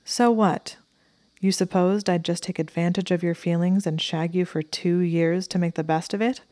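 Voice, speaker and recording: A woman voicing a clever, sharp-tongued young witch, brisk, teasing and quick to take offence. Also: lowish voice, fairly even intonation, dry recording, clean studio sound, lightly acted.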